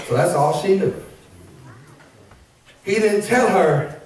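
A man preaching a lively sermon as pastor, shouting, laughing and calling out to the congregation. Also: high-pitched, slow pace, pauses often. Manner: preaching with call-and-response asides. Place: church sanctuary. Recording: very echoey church hall, mic at a distance.

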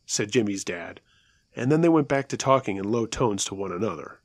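A man telling a listener's true scary story in a conversational way, slowing down at the tense moments. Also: on the low side, lively intonation, dry recording. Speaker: storyteller, show host.

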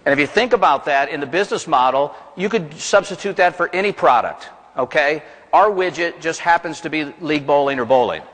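A man's voice: a little high, animated, brisk, fairly bright tone. A man from the American South gives a plain-spoken, folksy seminar presentation to a conference audience, asking the room questions as he goes. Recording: reverberant conference hall.

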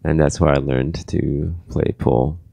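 A tired, groggy man co-hosting a casual podcast chat with a dry, deadpan delivery. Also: very deep voice, unhurried, gravelly, no room sound. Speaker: podcast co-host.

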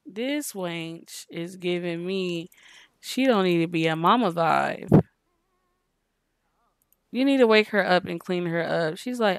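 A woman hosting her gaming channel, giving casual commentary in an exasperated, expressive, scolding way. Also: fairly low pitch, slow, pauses often, no room sound.

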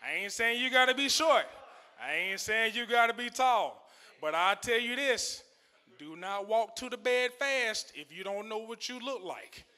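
A male stand-up comedian on a club stage has a very high, pushed and bright voice with lively intonation, speaking a little slowly. His set is loose and conversational, and he chuckles as his punchlines trail off.

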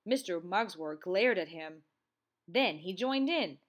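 A woman teacher reading a children's storybook aloud, in an expressive, sing-song way. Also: lowish voice, slow.

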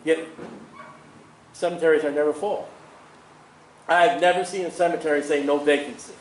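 Man, preacher, sermon, high voice, animated, echoey room. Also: normal speed, slight background noise. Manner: animated, chuckles at his own asides.

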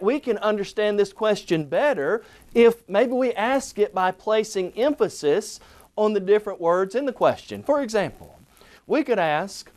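Emphatic man teaching a Bible lesson. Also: high voice. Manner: emphatic, stresses single words and slows on key phrases.

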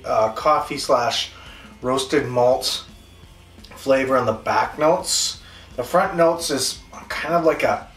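A man's voice: mid-range voice, fairly bright tone. A man with a Canadian accent hosting a casual beer review, talking in a chatty, rambling, self-deprecating way. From Western Canada. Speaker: beer reviewer, show host. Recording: echoey room, distant mic, faint music.

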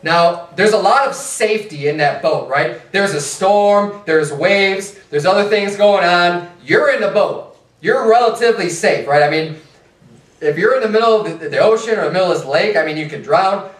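A man's voice: sits high, normal speed. A man preaching a conversational sermon, casual and full of rhetorical asides. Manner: casual, repeats rhetorical "right?" and "hey". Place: church sanctuary. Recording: echoey church from a distance.

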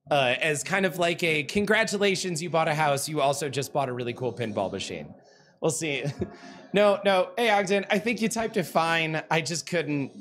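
A man's voice: on the high side, fairly bright tone. Chatty self-mocking man hosting a stream. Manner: reads viewer comments aloud, chatty, self-deprecating; laughs easily. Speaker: livestream host. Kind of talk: casual stream chat.

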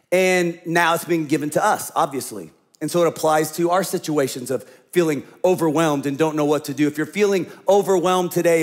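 A man with a high voice preaching a sermon as a senior pastor. He tells stories with lively energy, then sinks into quiet, slow phrases to drive a point home. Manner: animated storytelling that drops to hushed, slow emphasis.

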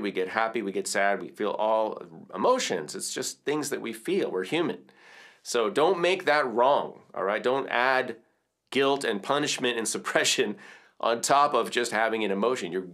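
A man giving a reflective teaching talk as a music educator and podcast host, speaking gently and conversationally and often checking in with the listener. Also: mid-range voice, animated, moderate pace.

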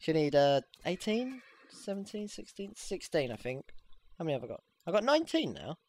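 A gamer giving casual, excitable gameplay commentary, swearing freely and squealing when things go well. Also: medium pitch, fairly quick. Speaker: let's play gamer.

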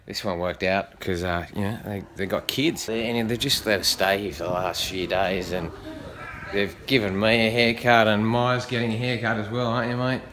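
A man's voice: on the low side, fairly even intonation, normal speed, a bit bright, slight background noise. A man hosting a casual vlog in a backyard, jokey and crude, laughing often. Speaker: vlogger host. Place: backyard outdoors.

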